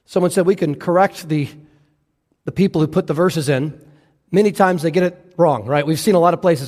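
A man delivers a sermon in a high, clear voice. He is earnest and slows right down, sinking lower on the words he wants to land. His voice rings through a church sanctuary with a long, trailing reverb. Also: a little mellow. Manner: earnest preaching, drops low and slow for emphasis. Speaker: pastor.

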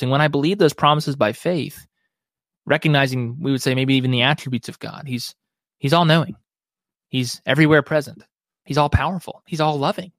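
A man's voice: medium pitch, no echo, clean studio sound. A man being interviewed as a biblical counselor, speaking earnestly and reflectively in a conversational way. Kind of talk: podcast interview.

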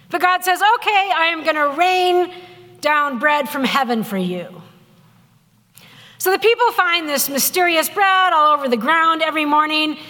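A woman pastor giving a sermon in a conversational, wry storytelling way, acting out quotes with lively voices. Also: very high voice, big-room sound. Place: church sanctuary.

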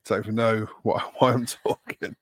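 A man's voice: on the low side, fairly even intonation, normal speed, no room sound, studio quality. A man from England co-hosting a casual podcast chat, rambling and self-deprecating with plenty of fillers. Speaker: podcast co-host.

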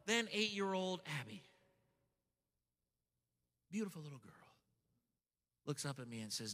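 A middle-aged man preaching a sermon, telling a story with lots of excitement and stumbling repeats as he starts sentences. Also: fairly high pitch, unhurried, pauses often. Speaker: pastor. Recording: long hall reverb.

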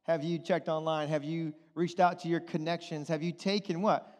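A middle-aged male pastor preaching a sermon, animated and firing rhetorical questions at the congregation. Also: on the high side, normal speed. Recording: long reverb of a large hall.

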